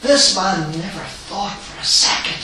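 A man preaching a sermon in a church, telling the story with animated acted-out voices. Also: high-pitched, measured pace. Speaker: visiting preacher. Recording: roomy echo, distant mic, faint hiss.

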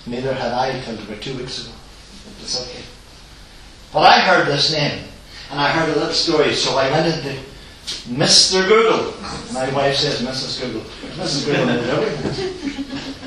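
A man preaching a sermon in a church, telling the story with animated acted-out voices. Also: on the high side. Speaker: visiting preacher. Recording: roomy echo, distant mic, faint hiss.

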